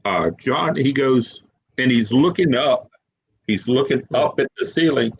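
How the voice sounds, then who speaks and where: A man as an interview guest telling a personal story, emotional and halting, repeating words as he holds back tears. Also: mid-range voice, lively intonation, breathy edge, dull audio. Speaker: guest paranormal investigator.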